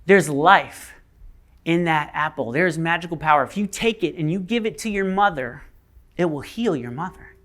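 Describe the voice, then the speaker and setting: Man playing a soft-spoken, tempting witch, sly and coaxing. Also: on the high side, steady tone, a little slow.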